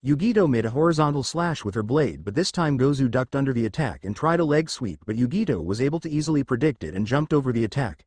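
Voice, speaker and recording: A man reading a fan fiction story aloud as narrator, at a steady, even reading pace. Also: mid-range voice, fast, hardly any pauses, slightly rough, no room sound.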